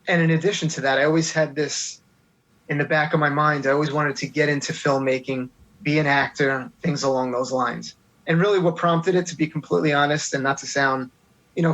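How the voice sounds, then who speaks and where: A man's voice: on the high side, a bit bright, poor audio. A man in his thirties with a New York accent, an interview guest telling his story earnestly and from the heart. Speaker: guest, teacher and filmmaker.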